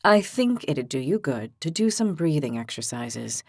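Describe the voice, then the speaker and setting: A woman doing a calm ox-headed philosopher. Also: sits low, moderate pace, creaky, no room sound, clean studio sound, voice pushed down, full character voice. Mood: patient. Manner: patient, reasoning, gently teasing.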